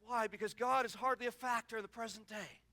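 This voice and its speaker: A man's voice: very high voice, quick pace, no room sound. A middle-aged man giving an impassioned sermon at a conference, telling stories and acting out the cries in them. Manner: animated storytelling with acted-out cries. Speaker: conference speaker. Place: conference hall.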